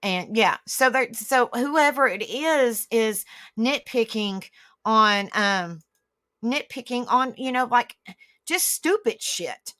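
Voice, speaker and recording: Woman livestream host, bright edgy tone, dry close sound, indignant rambling rant, swears, talks back at online comments. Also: a little high, slow, no room sound. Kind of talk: live-stream commentary to viewers.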